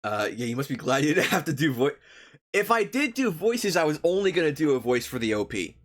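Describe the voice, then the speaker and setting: A man's voice: a little high, very animated, fairly quick. A young man streaming, reading a story aloud to his chat with profane, joking asides.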